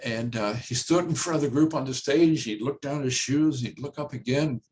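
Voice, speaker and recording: An older man, a home builder, presents a workshop in a plain-spoken, conversational way, often repeating his key phrases and pausing with "uh". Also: mid-range voice, a little mellow. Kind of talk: conversational webinar talk.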